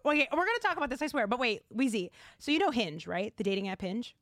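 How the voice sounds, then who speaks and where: A woman's voice: a little high, expressive, brisk, fairly bright tone, dry recording. A young woman hosting a podcast, chatty and giggly, filling her talk with "like". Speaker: podcast host. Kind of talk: casual chat.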